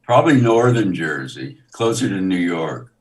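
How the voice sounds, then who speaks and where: A man's voice: low-pitched, sing-song, moderate pace, distant mic. A man hosting a live stream, chatting, asking questions and laughing easily. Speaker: host.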